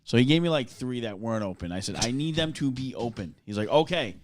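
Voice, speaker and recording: A man hosting a loose podcast conversation. He rants and swears his way through a story, and his pitch swings widely as he acts out both sides. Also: fast talker. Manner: animated ranting storyteller, swears a lot. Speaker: podcast host. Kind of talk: casual chat.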